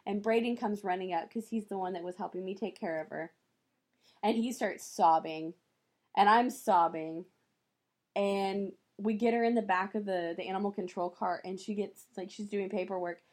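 A woman's voice: medium pitch, fairly even intonation, normal speed, a little mellow. A woman co-hosting a podcast, telling a story in a casual chat and acting out the people she quotes, with profanity. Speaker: podcast co-host.

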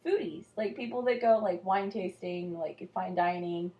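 A woman's voice: fairly low pitch, moderate pace, reverberant, lo-fi sound. A woman in her thirties co-hosting a podcast, chatting casually and teasing with lots of laughter. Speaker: podcast co-host. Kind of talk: casual chat.

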